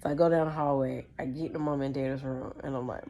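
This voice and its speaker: Low-voiced woman telling a story to listeners. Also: a little fast, hardly any pauses. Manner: animated storyteller, addresses listeners as y'all. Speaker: podcast host. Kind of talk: casual storytelling.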